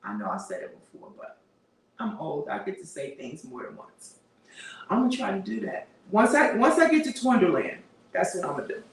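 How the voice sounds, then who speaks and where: A woman's voice: mid-range voice, big pitch swings, a little fast, slight background noise. A middle-aged woman hosts a casual livestream, chatting, laughing often and reading viewer comments aloud. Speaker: livestream host. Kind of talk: casual live-stream chat. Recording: very echoey room, voice far from mic.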